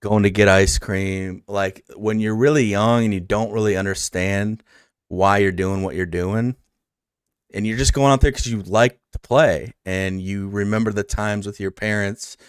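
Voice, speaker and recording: A man's voice: on the low side, fairly even intonation, moderate pace, clear, resonant tone, dry recording, clean studio sound. A man hosting a casual interview, rambling through a heartfelt story with many fillers. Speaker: podcast host.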